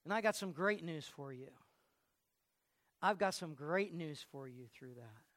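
Woman preacher giving a sermon in church, animated, laughs a lot, asks the room questions, fairly dry sound. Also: low-pitched, measured pace, no echo. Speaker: pastor. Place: church sanctuary.

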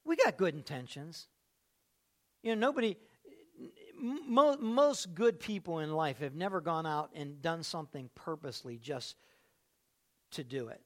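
Male pastor, high voice, animated sermon with big swings in volume, lots of rhetorical questions. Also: a little slow. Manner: animated, swings between loud and hushed.

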